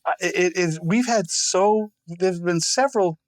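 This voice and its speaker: A man's voice: sits high, measured pace, no echo. A man co-hosting a casual podcast who talks hesitantly and often repeats words as he thinks. The recording is dry and close. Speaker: podcast co-host. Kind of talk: casual chat.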